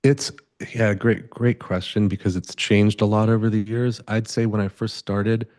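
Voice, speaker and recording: A man's voice: fairly low pitch, little pitch movement, normal speed, darkish tone. A man, a photographer, talking as an interview guest, telling stories in a loose, rambling way and acting out quoted dialogue. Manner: rambling, many restarts, acts out quoted dialogue. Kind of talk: conversational storytelling. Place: event space stage.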